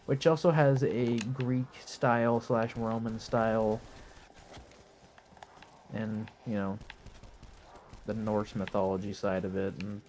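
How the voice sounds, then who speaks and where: A young man talks through a game he is playing live, laid-back and rambling, with the odd casual curse. His voice is hoarse and his nose stuffed up, since he is lying in bed as he records. A faint background hiss sits under his mid-pitched voice. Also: a little mellow. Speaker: gaming commentator. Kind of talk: casual live gameplay commentary.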